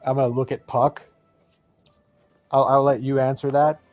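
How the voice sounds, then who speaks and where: Man, tabletop player, terse wary replies, mid pitch, casual. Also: flat delivery, moderate pace, no echo, dull audio, faint music behind.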